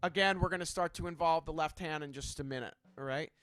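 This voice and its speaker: A man's voice: fairly high pitch, fast. A man teaching a drum clinic in a casual, chatty way, checking in often with his students. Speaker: drum instructor.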